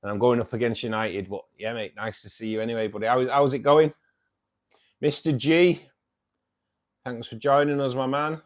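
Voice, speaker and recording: Speaking at a moderate pace with medium pitch, a man hosts a casual fishkeeping club stream from his home by the fish tanks. He greets his viewers in a rambling, chatty way, joking with them and using lots of fillers.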